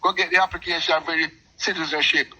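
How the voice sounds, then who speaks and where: A middle-aged Jamaican man telling a long personal story in patois, animated and talkative, calling in to a show. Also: a little high, quick pace, poor audio. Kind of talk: casual storytelling on a call-in show.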